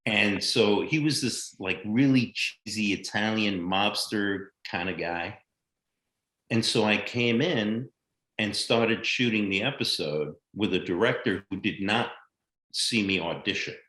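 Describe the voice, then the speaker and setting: An older American man, a guest actor telling lively, blunt, profane stories from his career in a casual interview. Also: on the low side, a little slow. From United States. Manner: animated anecdotal storyteller, blunt and profane. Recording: echoey room sound.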